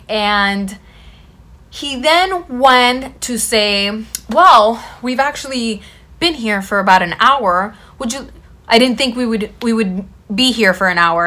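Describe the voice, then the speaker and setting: Bright-voiced woman telling a story. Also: mid-range voice. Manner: animated, quotes people in her own voice. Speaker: vlogger. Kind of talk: casual storytelling to camera.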